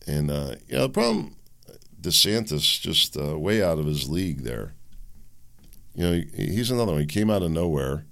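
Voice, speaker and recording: A man's voice: a bass voice, big pitch swings, moderate pace, creaky, fairly bright tone. A male radio show host giving rambling, conversational solo commentary and chuckling at his own remarks.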